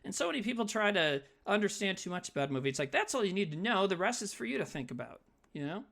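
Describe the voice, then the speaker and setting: Bright-voiced rambling podcast co-host man. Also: high voice, sing-song, fast, gravelly. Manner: rambling, filler-heavy, profane. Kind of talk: casual chat. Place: Midwest.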